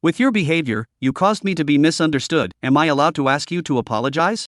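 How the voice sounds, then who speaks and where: A man's voice: on the high side, lively intonation, quick pace, fairly bright tone, dry recording, clean studio sound. A man voicing a blunt, cool-headed young woman who questions others sharply. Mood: cold.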